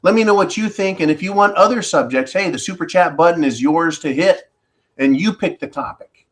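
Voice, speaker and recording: A man's voice: a little high, brisk, fairly bright tone. Ranting man streaming political commentary. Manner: ranting, rhetorical questions, addresses viewers as folks. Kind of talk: live-stream commentary monologue.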